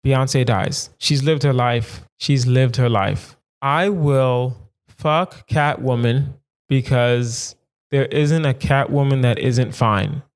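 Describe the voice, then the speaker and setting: A man's voice: mid-range voice, takes it slowly, smooth. A young adult man hosting a solo comedy podcast, riffing emphatically and repeating lines for effect. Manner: animated, emphatic riffing with repetition. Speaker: podcast host.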